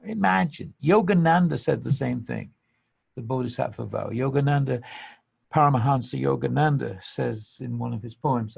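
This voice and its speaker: An English man hosting a podcast, telling a spiritual story earnestly and emphatically. He swings from hushed to animated. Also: medium pitch, moderate pace, vocal fry, husky. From England. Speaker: podcast host.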